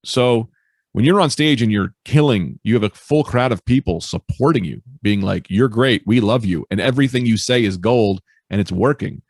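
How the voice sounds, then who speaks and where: A male stand-up comedian telling stories in a casual interview, animated and swearing freely. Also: lowish voice, moderate pace, dry recording, clean studio sound. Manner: animated storyteller, swears freely, acts out quoted voices. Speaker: stand-up comedian, podcast guest.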